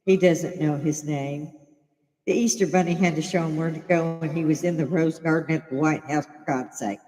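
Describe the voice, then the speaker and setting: A woman's voice: deep voice, fairly even intonation, moderate pace, in a large hall, low-quality recording. An older woman from Chicago hosting a casual livestream, talking bluntly with plenty of swearing and frequent laughter. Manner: blunt and profane, laughing often. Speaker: livestream host. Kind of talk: casual opinionated livestream chat.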